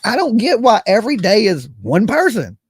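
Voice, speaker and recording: Gravelly-voiced man ranting on a livestream. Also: high voice, huge pitch swings, normal speed, dry recording. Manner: rambling, repeats "you know what I'm saying" and "okay". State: just woken up. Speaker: livestream host. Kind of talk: casual livestream rant.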